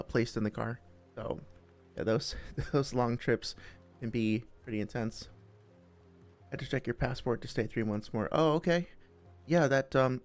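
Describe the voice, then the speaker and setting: A young man hosting a live stream, chatting casually with viewers in a friendly, rambling way, full of fillers and restarts. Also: mid-range voice. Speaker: streamer host.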